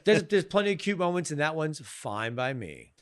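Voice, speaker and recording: A man's voice: fairly high pitch, very animated, normal speed, smooth, no room sound, clean studio sound. Blunt man in film chat. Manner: blunt, swearing, sarcastic. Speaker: podcast co-host. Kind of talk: casual film review chat.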